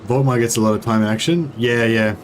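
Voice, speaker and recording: A man's voice: mid-range voice, steady tone, brisk. Guy chatting thru a strategy game, laid back, kinda rambly, bit of hum behind. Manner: casual, rambling, thinking aloud. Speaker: gaming channel host. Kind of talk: let's play commentary.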